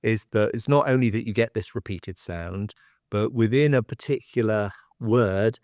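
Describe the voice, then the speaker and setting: Low-voiced male podcast host, dry sound. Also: normal speed, darkish tone, dry recording. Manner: thoughtful, restarts and repeats words while building points. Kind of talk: explanatory podcast conversation.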